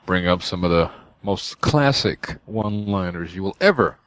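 A man's voice: low-pitched, lively intonation, normal speed, a bit bright, no room sound. A man co-hosting a casual gaming podcast, playful and joking with friends. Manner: playful, quotes movie lines. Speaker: podcast co-host.

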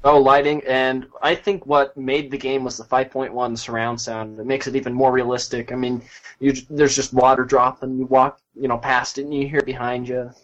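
A man with a mid-pitched voice, co-hosting a casual gaming podcast. He talks with gushing enthusiasm, often pausing on fillers and restarting his sentences. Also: little pitch movement, a bit bright, rough recording.

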